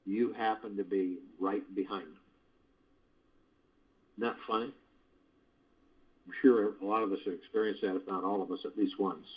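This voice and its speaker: A man hosting a meditation call, giving spiritual teaching in a folksy, conversational way full of rhetorical questions. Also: medium pitch. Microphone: phone. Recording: dull lo-fi conference call line.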